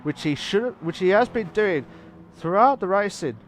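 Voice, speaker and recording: High-voiced excitable male race commentator. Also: normal speed, a little hiss or hum. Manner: excitable, rambling, self-correcting. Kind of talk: live sim racing commentary.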